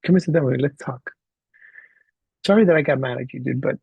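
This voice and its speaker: A man teaching a class, telling a story in an animated way and acting out the dialogue. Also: medium pitch, fast talker, vocal fry, breathy edge, dry recording. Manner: animated, acts out quoted dialogue. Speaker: college instructor. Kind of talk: storytelling lecture to students.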